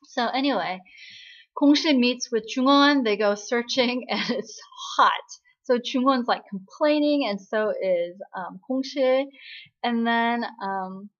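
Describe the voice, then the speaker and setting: A woman's voice: on the high side, slow, lo-fi sound. A woman giving a casual, bubbly drama recap, telling the story in a chatty way and often checking in with "right?".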